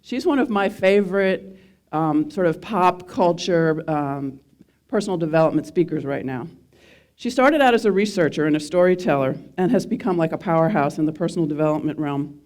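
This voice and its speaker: A woman's voice: on the low side, lively intonation, a little fast, a little mellow. A middle-aged woman giving a personal talk to a live audience at an event, mixing wry self-mocking humor with questions to the crowd. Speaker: speaker at a mental health event.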